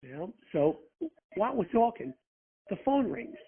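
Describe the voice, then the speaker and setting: A former rescue firefighter, appearing as a guest, tells profane anecdotes in casual chat and acts out the quotes with animation. His voice is very high with vocal fry at a moderate pace, coming through a tinny phone line.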